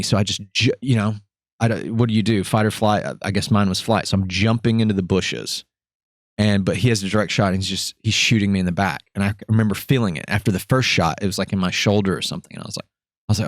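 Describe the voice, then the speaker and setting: A man hosting a podcast, telling a story in a casual, animated way, acting out voices and swearing freely. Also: on the low side, fairly quick, dry recording, clean studio sound. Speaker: podcast host.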